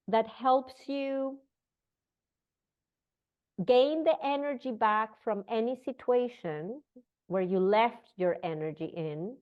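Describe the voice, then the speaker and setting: A non-native speaking woman leads a breathwork class, telling a story with acted-out dialogue and halting restarts. Her voice is mid-range, and the audio sounds narrow and tinny.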